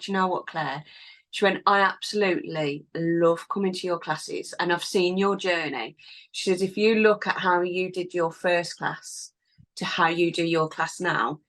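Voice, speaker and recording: A woman fitness instructor, a guest in a casual interview, telling her story in a chatty, animated way with fillers. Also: lowish voice.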